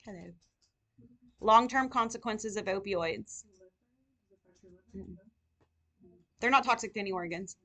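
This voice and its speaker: A woman nursing tutor lecturing a live class, firing rapid questions at her students. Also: medium pitch, pushed and bright.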